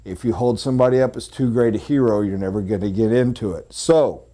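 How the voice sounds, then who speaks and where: A man giving a sales training talk, blunt and joking, who addresses his audience directly with quick asides. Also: lowish voice, dark tone. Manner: blunt, joking, pointed emphasis.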